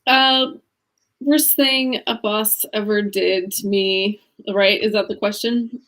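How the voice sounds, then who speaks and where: A woman's voice: medium pitch, steady tone, slow, fairly bright tone. A woman in a casual chat telling a work story with wry asides. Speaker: guest.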